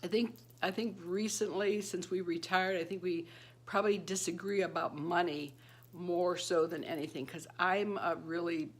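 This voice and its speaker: A woman's voice: on the low side, steady tone, moderate pace. A woman in her fifties, recently retired, chatting to camera in a rambling way and laughing often. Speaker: beauty vlogger. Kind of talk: casual chat to camera.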